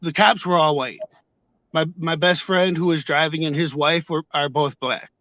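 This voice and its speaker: A man casually telling a story to his viewers on camera, heated and profane, acting out shouted exchanges. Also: a little high, steady tone, moderate pace, no room sound, muffled recording. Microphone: camera mic.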